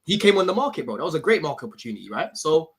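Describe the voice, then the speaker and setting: A man's voice: fairly high pitch, very animated, racing, a bit bright, breathy edge. A man co-hosting a casual football podcast, emphatic and slangy, swearing freely. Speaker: podcast co-host.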